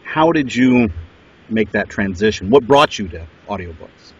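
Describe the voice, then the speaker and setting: A man hosting an interview, asking relaxed questions and giving short murmured replies. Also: lowish voice, unhurried, breathy edge. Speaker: podcast host. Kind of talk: casual interview chat. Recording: muffled, lo-fi.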